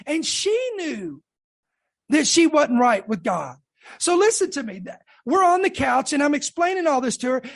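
A woman preacher giving a fervent sermon testimony, emphatic and calling out to her congregation. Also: high-pitched.

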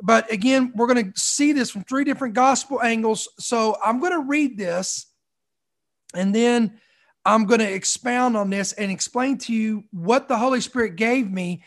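A man's voice: very high voice, normal speed. A man preaching a sermon, reading scripture aloud and stopping to repeat and stress key lines.

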